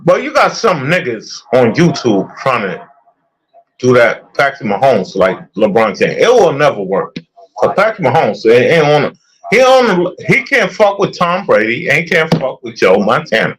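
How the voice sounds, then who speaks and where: A man's voice: medium pitch, sing-song, unhurried, fairly bright tone, rough recording. A young man in a casual, profane sports rant, heated and repetitive. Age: young adult.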